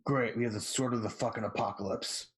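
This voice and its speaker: A man's voice: mid-range voice, steady tone, fast. A man with a mid-range voice plays in a tabletop roleplaying session. He talks casually, dropping the odd swear and laughing easily. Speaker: player. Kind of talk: casual tabletop game chat.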